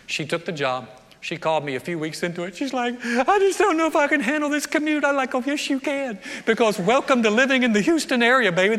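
A middle-aged man preaches in an animated, joking way, acting out the people in his stories. His voice sits high and bright. Long reverb hangs behind him, as in a large hall. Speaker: pastor. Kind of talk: sermon.

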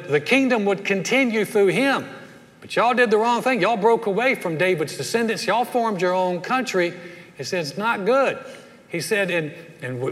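A man's voice: high voice, a bit bright, big-room sound. A man preaching a sermon, retelling a Bible story in a folksy way and acting out the characters' lines. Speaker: pastor.

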